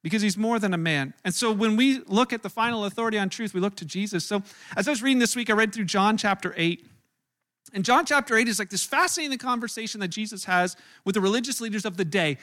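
Male pastor with a high, bright, forward voice; animated sermon storyteller. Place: church room.

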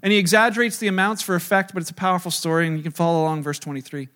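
A man preaching a sermon in a relaxed, conversational way. He retells scripture scenes and acts them out. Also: high voice, rapid-fire. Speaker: pastor.

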